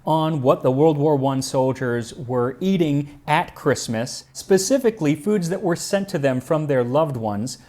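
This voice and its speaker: A man's voice: a little high, lively intonation, unhurried, few pauses, warm tone. A man hosting a cooking history show, giving scripted narration with dry humor and tasting the food.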